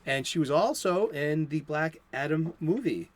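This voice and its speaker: Male comic book host, unscripted home chat, rambling and upbeat, lo-fi sound, voice sits a little high. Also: animated, measured pace. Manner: rambling, enthusiastic, many restarts and fillers. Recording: lo-fi home recording.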